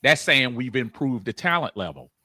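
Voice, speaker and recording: A man's voice: medium pitch, big pitch swings, moderate pace, pushed and bright, no echo, studio quality. A man co-hosting a casual sports talk show, rambling with many restarts and laughing easily. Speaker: co-host.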